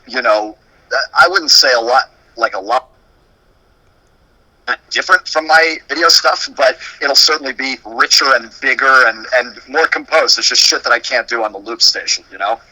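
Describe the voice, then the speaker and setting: Bright, playful man musician. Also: medium pitch, normal speed, dry recording, rough recording. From Dallas. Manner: loose, playful, swears freely. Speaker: musician guest. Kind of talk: casual chat.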